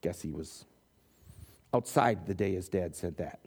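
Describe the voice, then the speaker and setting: A man's voice: on the high side, lively intonation, normal speed, darkish tone. A man preaching a sermon, reading scripture and acting out the quotes with joking asides. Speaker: pastor.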